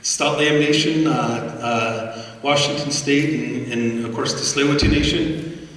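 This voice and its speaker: A man's voice: medium pitch, a little slow, a bit bright. A middle-aged man giving a storytelling speech to an audience, humorous and anecdotal, retelling conversations as dialogue. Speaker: speaker at a community assembly. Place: large hall. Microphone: far room microphone. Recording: echoey hall from far off, faint crowd and noise.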